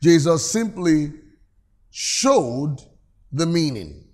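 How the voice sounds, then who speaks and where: A man's voice: fairly high pitch, very animated, drawn-out words, darkish tone. Preaching man with a raised voice. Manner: preaches with call-and-response, reads scripture aloud. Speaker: pastor. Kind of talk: sermon. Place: church.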